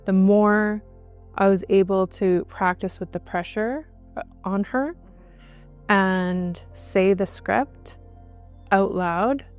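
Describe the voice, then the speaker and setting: A woman guest recounting a personal experience in conversation, halting, with frequent restarts and fillers. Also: mid-range voice, clean tone, faint music behind. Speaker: interview guest.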